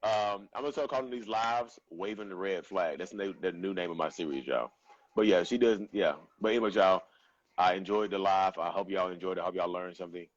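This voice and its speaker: A man's voice: sits low, brisk, no room sound, highs cut off. A young man hosting a casual livestream, talking bluntly and in slang to his viewers. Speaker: livestream host.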